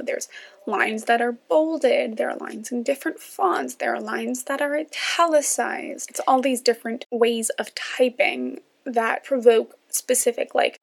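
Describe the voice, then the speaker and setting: Gravelly-voiced young woman ranting casually. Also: fairly high pitch. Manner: chatty, self-deprecating, rambling with asides. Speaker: podcast host. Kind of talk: solo casual rant.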